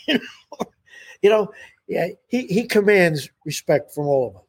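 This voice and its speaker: An older man tells loose, rambling stories in an interview. His voice is husky and sits a little high, and he keeps circling back with "you know". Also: lively intonation, measured pace. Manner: rambling, full of "you know" and restarts, laughs often. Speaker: musician guest. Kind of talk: casual interview storytelling.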